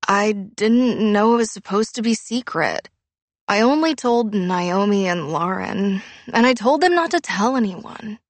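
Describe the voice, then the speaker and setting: A woman's voice: mid-range voice, animated, measured pace, dry recording, close to an everyday voice. A woman voicing a tipsy teenage girl who slurs and trips over her words. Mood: apologetic. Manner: slurred, tripping over words.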